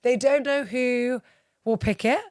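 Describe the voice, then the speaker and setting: A woman's voice: a little high, unhurried, darkish tone, no room sound, clean studio sound. A woman hosting a hotel interview show, prompting her guest with encouraging questions. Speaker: talk show host.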